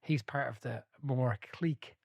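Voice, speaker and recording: A man hosting a book club podcast, chatting casually and telling stories with animated energy, laughing and swearing freely. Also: mid-range voice, measured pace, vocal fry, husky, no room sound.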